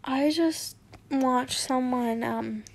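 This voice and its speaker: A woman's voice: high voice, extremely slow, gravelly. A woman reading fanfiction aloud, giggly and chatty, often stopping to comment. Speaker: fanfiction reader.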